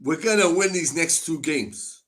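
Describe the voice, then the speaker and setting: A man joining a football chat with loose, slangy banter, calling the others bro and G. His voice is bright and forceful, slightly high. The tone is relaxed and confident. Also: unhurried. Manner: slangy and laid-back, calls people bro and G. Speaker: guest football fan.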